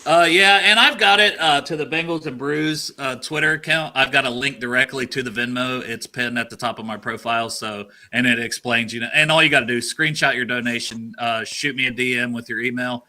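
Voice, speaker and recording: A man's voice: mid-range voice, brisk, hardly any pauses, sharp tone. A man guesting on a casual sports podcast, talking in an easygoing, teasing way.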